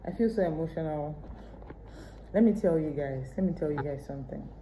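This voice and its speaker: Pregnant woman vlogger with a Nigerian accent, low-pitched and reflective, recorded in a roomy, echoey space. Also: fairly quick, dark tone, slight background noise. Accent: Nigerian English. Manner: chatty, candid and reflective. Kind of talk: casual vlog chat. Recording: roomy echo.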